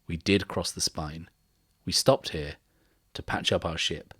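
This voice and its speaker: A man's voice: low-pitched, fairly even intonation, a little slow, fairly bright tone, slightly rough, exaggerated voice. A man voicing a curious, wry spacefarer who speaks in a plain, offhand way. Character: curious, wry male ship captain.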